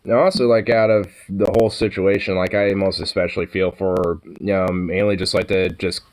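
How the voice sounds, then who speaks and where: A man's voice: low voice, level tone, fairly quick, low-quality recording. A man in a casual, rambling monologue, swearing a lot and full of fillers.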